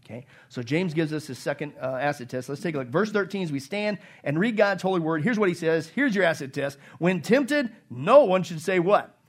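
A man's voice: on the high side, animated, a little fast, few pauses. A man preaching a sermon in a church, emphatic and full of rhetorical questions and joking asides. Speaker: pastor.

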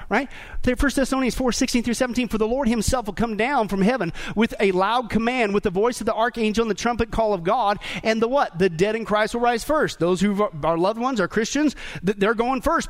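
A man preaching a sermon in an animated way, rising to shouts at the climaxes. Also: extremely high pitch, fairly quick. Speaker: pastor.

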